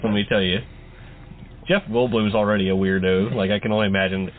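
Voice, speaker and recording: A man's voice: lowish voice, fairly even intonation, fast talker. A man co-hosting a casual horror book club podcast, cracking teasing, sarcastic quips. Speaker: podcast co-host. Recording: tinny phone-like sound, faint noise.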